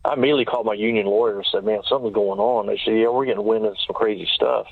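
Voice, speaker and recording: A man's voice: on the low side, fairly even intonation, gravelly, breathy edge, no room sound. A former sheriff's deputy recounting his case in detail as an interview guest, quoting what others said to him. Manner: fast, detailed recounting with quoted dialogue. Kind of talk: storytelling in an interview. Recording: tinny phone line, dry.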